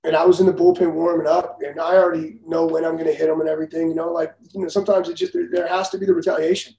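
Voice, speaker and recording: A man, a former major league pitcher, telling blunt, profane stories in a casual talk and laughing often. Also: level tone, very fast, dark tone, reverberant, poor audio. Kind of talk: casual storytelling.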